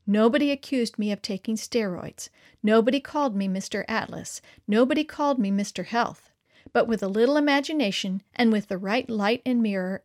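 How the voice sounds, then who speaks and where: A woman narrating a first-person children's story with an expressive, wry delivery. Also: a little high.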